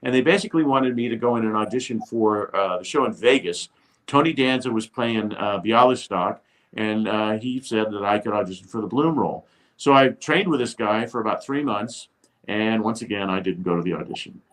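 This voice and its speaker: An older man, a TV host appearing as a guest, telling a lively anecdote and acting out the people he quotes. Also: fairly low pitch, a little fast. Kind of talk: storytelling anecdote.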